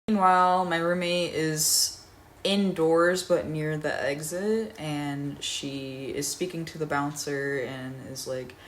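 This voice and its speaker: A woman's voice: sits low, takes it slowly. A young adult woman telling a rambling, profane story in a casual vlog, often laughing. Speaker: storyteller vlogger.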